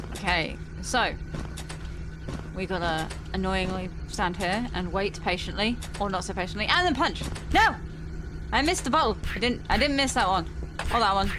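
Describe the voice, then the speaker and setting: A woman's voice: medium pitch, lively intonation, measured pace, long pauses, music in the background. A woman with a British accent commentating casually on a video game, chatty and playful as she reads the game's text aloud. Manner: chatty and playful, with frequent giggles and asides. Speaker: gaming video host. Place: at home.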